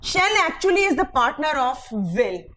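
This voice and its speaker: A woman's voice: sits high, big pitch swings, normal speed, a bit bright, poor audio. A woman teaching English grammar in a recorded lecture, dictating example sentences word by word and checking in with "fine" between points, with a Pakistani English accent.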